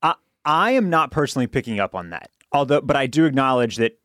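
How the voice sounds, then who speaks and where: A man co-hosting a podcast in casual chat, agreeable and halting, often restarting his words. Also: medium pitch, animated, fairly bright tone, dry recording, studio quality. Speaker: podcast co-host.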